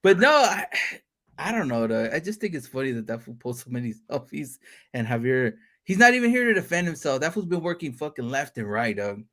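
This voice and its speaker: A man's voice: mid-range voice, brisk. A man hosting a live-stream chat, talking in a loose, profane, joking way and laughing often. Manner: animated, profane, laughing banter. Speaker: host of a livestream chat. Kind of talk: casual chat.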